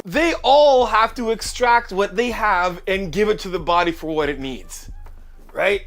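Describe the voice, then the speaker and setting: A man's voice: high voice, a little slow, creaky, fairly bright tone, soft background music. A male fitness coach explaining nutrition in a casual, slangy way, often adding "right?".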